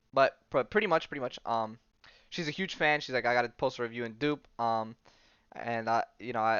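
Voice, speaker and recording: Recapping comics on his podcast, a man rambles loosely, leaning hard on "like" and "um" and eagerly tossing out "dude" and "bro." His mid-range voice is fairly bright, clear and resonant, with no room sound, though the recording is muffled.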